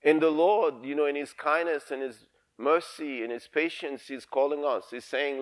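A man's voice: a little high, normal speed. A middle-aged man preaching a sermon, fervent and repetitive, calling the congregation to respond.

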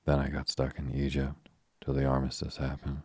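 Brief: a man voicing a gloomy, honest young ex-soldier in a storybook, very low, husky voice. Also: no echo, clean studio sound. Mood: glum. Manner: soft, even, unhurried reading.

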